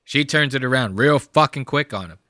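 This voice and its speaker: A young man hosting a reaction video in casual commentary, talking in a loose, profane, rambling way while a bit high. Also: brisk, background noise. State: high on marijuana.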